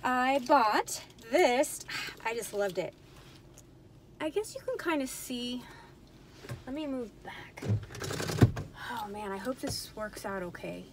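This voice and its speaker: A woman's voice: fairly high pitch, lively intonation, slow, pauses often, noisy background. A woman chatting casually in a haul vlog, talking to herself, frustrated, addressing viewers as y'all and you guys. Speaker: purse reseller vlogger. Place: indoors at night, dim room.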